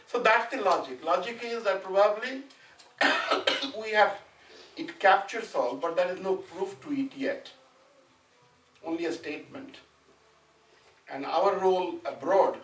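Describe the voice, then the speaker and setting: Recorded from a distance in an echoey room with faint noise, this Indian man has a fairly high, fairly bright voice. He leads a Sanskrit class as a conversational lecture with discussion, regularly checking in with "you know what I'm saying?" to make sure students are following.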